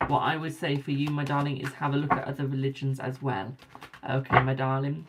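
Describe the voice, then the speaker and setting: A woman's voice: a bass voice, flat delivery, a little fast, noisy background. A British woman hosting a live tarot stream in casual chat, calling viewers darling, a bit tired and yawning. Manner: chatty, calls viewers darling and boo.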